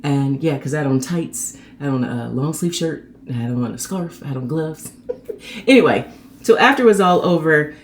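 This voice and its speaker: A woman hosting her own show, telling a personal story in a chatty, animated way and acting out the people in it. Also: slight background noise. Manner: animated, acts out quoted people with sharp pitch jumps; chatty and conversational. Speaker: host.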